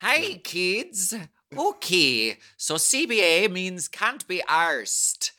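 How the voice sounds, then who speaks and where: Cheeky Welsh drag queen, done by a man, bright sing-song read, jumpy pitch. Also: huge pitch swings, extremely slow, exaggerated voice. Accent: attempted Welsh. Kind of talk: reading a listener email in a put-on voice.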